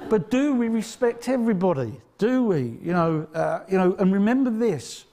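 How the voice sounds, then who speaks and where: A man's voice: sits high, animated, moderate pace, warm tone. Conversational Essex-accented male preacher. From Essex, England. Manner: conversational, emphatic, checks in with the audience. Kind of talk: sermon.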